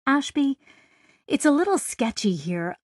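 A woman's voice: sits high, sing-song, a little slow, a little mellow, no echo, studio quality, pitched above the performer's own voice. A woman voicing a fussy, nervous young female clerk who speaks in a fretful, precise way.

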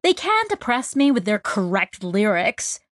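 A woman reading a brash young female mechanic with a loud, bouncy, cheeky manner in an audiobook. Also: medium pitch, very animated, measured pace, dry recording, clean studio sound. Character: brash young female mech tech, irreverent.

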